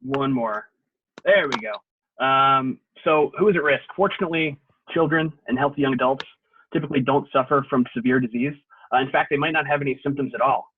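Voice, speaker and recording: A young man talks through a virtual presentation in an easygoing, explanatory way, often pausing on "um" and "uh". His voice sits at an ordinary middle pitch. The call audio is thin and phone-like. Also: slightly rough. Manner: relaxed, explanatory, frequent "um" and "uh". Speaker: sports medicine presenter. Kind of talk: virtual safety talk. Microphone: video call.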